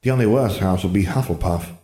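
A man's voice: deep voice, fast, dark tone, reverberant, lightly acted. A man voicing an old, sly magical talking hat with a musing, teasing manner.

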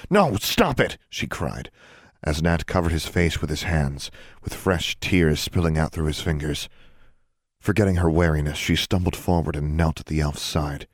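A man reading a story aloud, expressive and giving each character a voice. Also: extremely low pitch, normal speed, dry recording, studio quality. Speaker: audiobook narrator. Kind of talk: storybook narration.

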